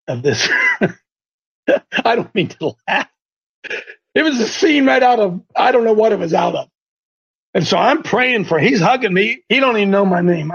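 A man hosting a faith talk show, telling a story in an animated, stumbling, repetitive way. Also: high voice, slightly rough, lo-fi sound. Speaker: host.

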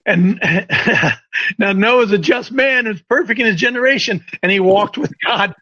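A man's voice: high-pitched, unhurried, sharp tone, highs cut off. A man preaching a sermon in a folksy, emphatic way. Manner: folksy, emphatic, acts out quoted voices.

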